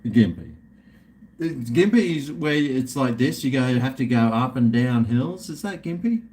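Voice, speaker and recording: A man's voice: mid-range voice, unhurried, darkish tone, slight background noise. A middle-aged Australian man hosting a live stream, rambling and swearing in casual banter with his viewers.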